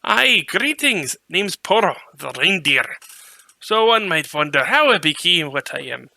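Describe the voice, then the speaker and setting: A man's voice: fairly high pitch, sing-song, a little slow, vocal fry, sharp tone, dry recording, exaggerated voice. A man voicing Poro, a cheeky male mutant reindeer who spins a rambling tale in a put-on Scottish-style brogue. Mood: boastful yarn. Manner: chatty, folksy, rolls through a tall tale. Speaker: player. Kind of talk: in-character tabletop storytelling.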